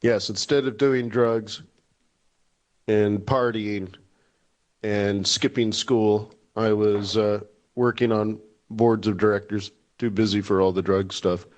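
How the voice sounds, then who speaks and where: A man's voice: fairly low pitch, steady tone, slow. A man in his forties hosting a live trading webinar, joking and laughing at his own jokes. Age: 40s. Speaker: forex webinar host.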